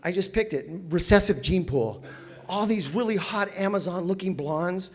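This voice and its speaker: Animated high-voiced older man telling stories. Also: normal speed. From Southern California. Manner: animated, laughs often, self-mocking. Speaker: recovery meeting speaker. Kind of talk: personal storytelling talk. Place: meeting hall with audience.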